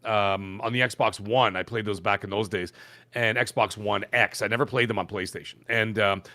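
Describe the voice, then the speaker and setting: Middle-aged male podcast co-host, rambling and excitable, dry close sound. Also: on the low side, normal speed, no room sound. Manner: rambling, excitable, lots of fillers. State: hiccups. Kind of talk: casual chat.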